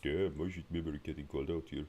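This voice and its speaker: A man's voice: fairly even intonation, quick pace, mellow, slight background noise. A man putting on an accent to voice a laid-back adult man who chimes in with offhand asides. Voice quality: very deep.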